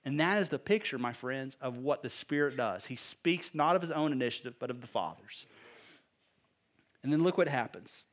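With a medium-pitched, expressive voice at a moderate pace, a man preaches to a congregation in the room. He reads scripture and tosses in casual jokes before rising to emphatic appeals.

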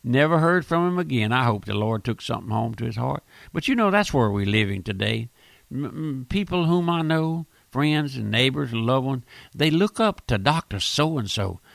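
Preacher guy on the radio, gravelly voice, dry close sound, keeps repeating himself. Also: medium pitch, expressive, moderate pace, dry recording. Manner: fervent, repeats phrases, stumbling restarts. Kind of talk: radio sermon.

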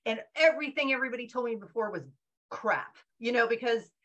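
A woman author being interviewed in casual chat, rambling and animated as she acts out her own inner voice. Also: a little high, brisk, highs cut off. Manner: rambling, frequent fillers and restarts. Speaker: guest author.

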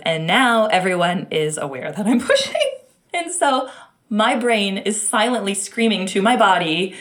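A woman from the United States telling her birth story in an interview, animated, acting out quotes and laughing often. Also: mid-range voice, normal speed. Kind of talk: emotional personal storytelling.

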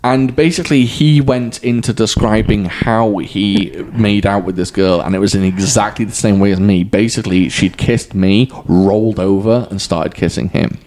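A man's voice: on the low side, moderate pace, hardly any pauses, a little mellow, slight background noise. A man in casual chat, telling a story animatedly and laughing often.

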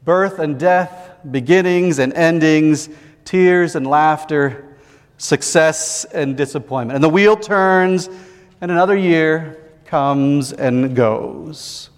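A male pastor preaching a sermon in a measured, reflective way, with deliberate pauses. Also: fairly high pitch, clear, resonant tone, big-room sound.

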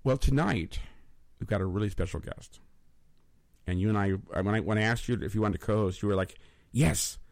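A man's voice: fairly low pitch, brisk, no room sound. A man hosting a casual talk show, rambling with many restarts and repeated words as he chats and introduces a guest. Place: studio in Los Angeles.

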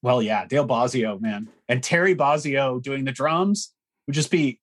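A man's voice: medium pitch, normal speed. Opinionated man chatting on a podcast. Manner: opinionated, frank, with many fillers. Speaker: podcast co-host. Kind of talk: casual chat about music history.

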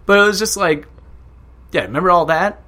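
Man, podcast co-host, bright sharp voice, animated, swears, acts out quotes. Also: high-pitched, a little fast. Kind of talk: casual chat.

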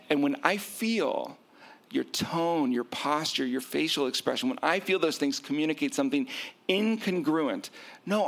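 A middle-aged man with a gravelly, fry-tinged voice speaks as a marriage therapist. He explains with enthusiasm and slips into acting out both sides of a couple's quarrel. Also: fairly high pitch. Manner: acts out quoted arguments, self-described nerding out. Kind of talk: animated explanatory talk.

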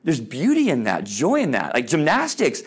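A man's voice: a little high, normal speed, slightly rough. A man giving an informal Christian talk to parents, telling stories with many ums and restarts and acting out the voices he quotes. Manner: animated storyteller, acts out quoted voices loudly; casual with frequent ums and restarts. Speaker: speaker on Christian sports parenting.

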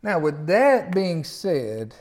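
A man with a Southern American accent preaching a sermon, reading scripture slowly and explaining it in a folksy way with rhetorical questions. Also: a little high, big pitch swings, darkish tone. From Southern United States. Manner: reads scripture slowly, then talks through it.

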